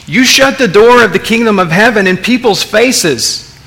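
A man's voice: sits high, lively intonation, moderate pace, gravelly, bright, forceful tone, long reverb tail, voice pushed up, full character voice, poor audio. A man voicing a stern adult male Jesus who rebukes in a raised, scolding voice. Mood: angry.

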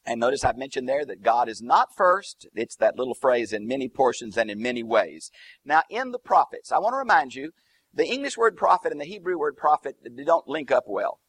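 A man's voice: medium pitch, brisk, slightly rough, no echo. A man teaching through a Bible passage verse by verse, explaining Greek and Hebrew terms with emphatic lists. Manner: lively, swooping emphasis on key words.

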